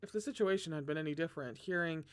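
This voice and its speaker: A host reading a novel aloud, breaking off into chatty, excitable commentary with self-deprecating humor. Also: racing, smooth. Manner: dramatic, excitable asides with big pitch jumps. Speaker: read-along host.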